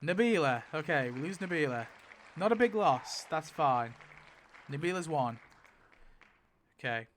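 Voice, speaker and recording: A man in casual, rambling commentary while spinning a wheel to rewrite a story, getting excited at results and briefly quoting characters. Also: fairly high pitch, measured pace, long pauses, a faint crowd, slight background noise. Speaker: YouTuber.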